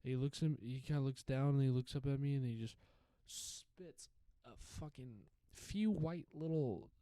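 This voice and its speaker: A man's voice: medium pitch, moderate pace, mellow, no room sound, poor audio. A young man hosting his own podcast, telling a rambling, profane comedy story with lots of restarts. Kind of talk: casual storytelling monologue.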